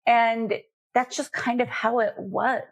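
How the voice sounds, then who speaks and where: A middle-aged woman from Colorado, a guest on an interview, telling candid, lively stories from her life. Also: on the high side, takes it slowly. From Colorado, USA. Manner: candid, lively anecdotes with laughter. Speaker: guest, nonprofit foundation CEO. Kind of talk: conversational storytelling.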